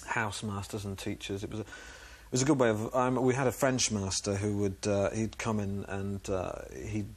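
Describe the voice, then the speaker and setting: A man's voice: on the low side, little pitch movement, normal speed. A young man being interviewed on a TV chat show, hesitant and self-deprecating, with many stumbles and restarts. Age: young adult. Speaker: guest impressionist. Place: TV studio.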